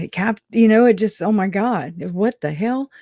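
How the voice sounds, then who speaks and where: A slow, unhurried speaker on a casual livestream, thinking aloud with frequent restarts and soft laughs. The voice sits at a middling pitch. The sound is close and dry. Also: expressive, dry recording.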